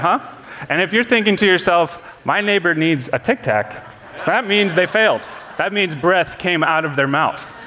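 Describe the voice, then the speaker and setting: A man's voice: on the high side, sharp tone, in a large hall, a little hiss or hum. A man preaching a sermon as pastor, earnest, repeating key phrases for emphasis.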